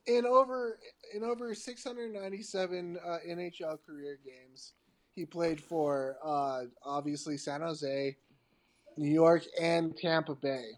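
A man's voice: fairly high pitch, fairly even intonation, unhurried. A man co-hosting a podcast in casual chat, presenting trivia with a playful buildup. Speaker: podcast co-host.

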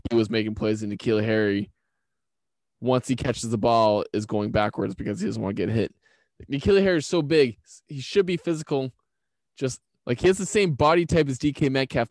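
A man's voice: on the low side, gravelly, no room sound. A man co-hosting a casual sports podcast, talking bluntly and with strong opinions. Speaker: podcast co-host.

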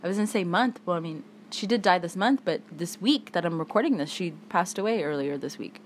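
A woman's voice: fairly low pitch, expressive, fairly quick, hardly any pauses, slight background noise. Woman, podcast host, angry, emphatic, swearing, tired. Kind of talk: solo podcast monologue.

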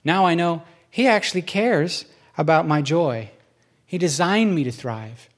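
Earnest, fairly high-voiced male preacher. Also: a little slow. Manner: earnest, animated storyteller. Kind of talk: conversational sermon. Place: church.

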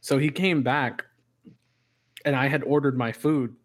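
A man's voice: medium pitch, a little slow. A man co-hosting a podcast, telling stories in casual chat with heavy swearing and lots of energy. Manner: animated storyteller, heavy swearing. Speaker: podcast co-host.

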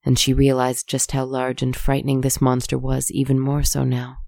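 Calm creaky storybook narrator. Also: mid-range voice, dry recording, studio quality. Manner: calm, measured, softly spoken.

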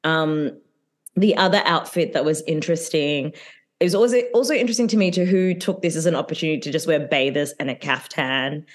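A woman's voice: low-pitched, fairly quick. Giggly, chatty woman. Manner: chatty, giggly, full of filler words. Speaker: podcast co-host. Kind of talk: casual chat recapping reality TV.

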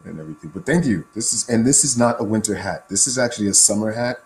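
A man's voice: fairly low pitch, fast, a little hiss or hum, poor audio. A man who is a guest on a podcast, telling stories casually, loose and laughing, with many fillers. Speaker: guest, animation creator. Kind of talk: casual chat.

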